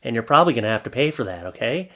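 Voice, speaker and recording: A man's voice: mid-range voice, very animated, rapid-fire, bright, forceful tone. A man hosting reaction commentary, sarcastic and exasperated, mocking what he reads. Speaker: commentary host.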